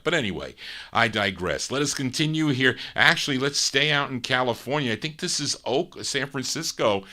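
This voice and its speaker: A man's voice: sits low, sharp tone. A man hosting a live record show, rambling and digressing casually between songs. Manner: rambling, digressive, chuckles to himself. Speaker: radio show host and record DJ.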